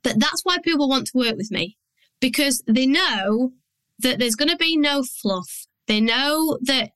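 A Yorkshire woman talks straight to her podcast listeners, blunt and down to earth, with a fairly high voice. The sound is dry and close, with no room around it. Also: expressive, a little slow, a bit bright, no echo, poor audio. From Yorkshire, England. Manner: blunt, down-to-earth, chatty with mild swearing. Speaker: business coach and podcast host. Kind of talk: solo podcast monologue.

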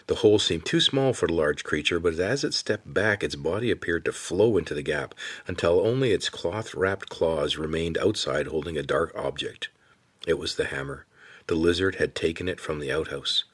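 A man narrates an adventure story in steady, measured audiobook style. His voice sits deep and a little husky. He reads evenly and clearly.

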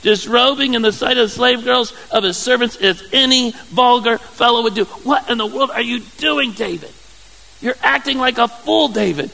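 A preacher voicing a scornful queen who mocks her husband, in a high, sneering, exaggerated voice. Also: fairly even intonation, brisk, fairly bright tone, poor audio. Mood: sarcastic.

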